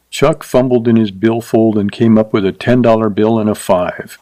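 A man's voice: on the low side, fairly even intonation, moderate pace, few pauses, dark tone, no room sound, poor audio. Dry, close male audiobook narrator. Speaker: narrator reading a short story.

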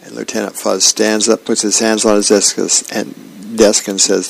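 A male radio host reading comic strips aloud in a relaxed, unhurried way. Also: fairly low pitch, gravelly, husky, dry recording, poor audio.

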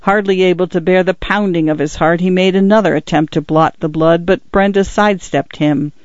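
A man narrates a tense literary story in a measured, dramatic way. His voice sits fairly high for a man. The recording is dry and close, with a slightly muffled, dull tone. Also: fairly even intonation, dry recording. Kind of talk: audiobook narration.

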